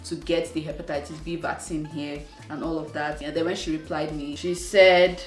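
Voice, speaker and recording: A woman from Nigeria with a Nigerian accent, telling a personal story to her channel in an animated, exasperated way. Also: low voice, moderate pace, reverberant, distant mic, soft background music. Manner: animated, exasperated retelling with acted-out quotes. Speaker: vlogger. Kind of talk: casual storytelling to camera.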